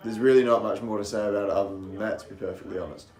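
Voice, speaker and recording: A man's voice: lowish voice, fairly even intonation, rapid-fire, a little mellow, reverberant, soft background music. A man from New Zealand with a faint, mostly anglicized New Zealand accent, giving chatty live race commentary full of rambling asides. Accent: faint New Zealand, mostly anglicized toward British.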